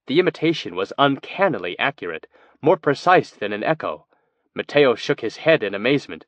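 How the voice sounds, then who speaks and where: Male audiobook narrator, steady scripted reading, dry close sound. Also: medium pitch, brisk, no room sound. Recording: dry, dull lo-fi recording.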